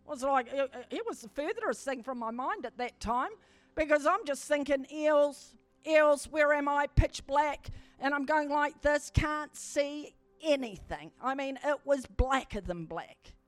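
High-voiced woman preaching a testimony. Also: measured pace. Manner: animated storytelling that swells into fervent exhortation. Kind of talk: sermon testimony.

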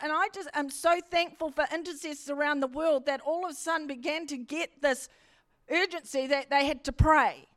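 A woman's voice: high voice, a bit bright. A middle-aged woman, preaching a sermon in a fervent, emphatic way, often repeating her phrases.

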